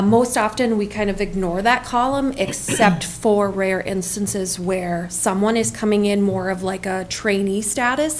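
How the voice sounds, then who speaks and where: A woman county staff member explaining policy at a public meeting in a measured, explanatory way. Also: medium pitch, a little hiss or hum.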